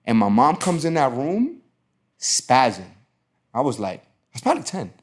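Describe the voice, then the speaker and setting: A man hosting a podcast, telling a personal story in casual chat, lively and quick to act out what others said. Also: medium pitch. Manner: animated storytelling, acting out quotes. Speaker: podcast host.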